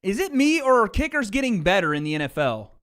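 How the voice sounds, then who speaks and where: A man with a high, sing-song voice talks fast, his tone fairly bright and clean. Hosting a casual livestream through a desk mic with a mixer, he chats loosely with viewers and tosses in plenty of "bro" and "dude."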